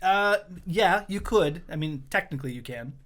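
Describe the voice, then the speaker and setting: A man's voice: fairly high pitch, lively intonation, moderate pace, fairly bright tone. A man in casual podcast chat, arguing his point and ribbing the others. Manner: argumentative, ribbing.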